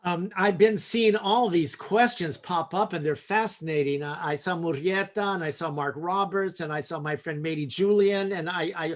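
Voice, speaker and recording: A man hosting a casual chat, upbeat and chatty, reading out viewer questions with quick quips. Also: high voice. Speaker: host.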